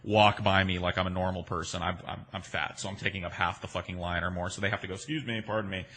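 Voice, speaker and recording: A man's voice: low-pitched, level tone, fast, fairly bright tone, husky. A man telling a personal anecdote in a loose, rambling, profane and self-mocking way. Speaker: storyteller. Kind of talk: casual personal storytelling.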